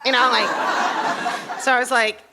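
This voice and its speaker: A woman's voice: fairly high pitch, level tone, normal speed. A middle-aged woman doing a stand-up set in a comedy club, chatty and self-mocking, acting out bits of dialogue. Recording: live club, crowd laughter and noise.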